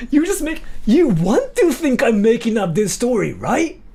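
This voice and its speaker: Lively gravelly-voiced young man. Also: very high voice. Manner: rambling, animated, many "like" fillers. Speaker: livestream host. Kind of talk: casual storytelling chat.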